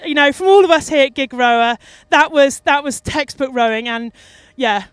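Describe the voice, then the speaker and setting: A woman commentating live from a boat on the water, chatty, excitable and emotional. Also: sits high, normal speed, no room sound. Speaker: race commentator.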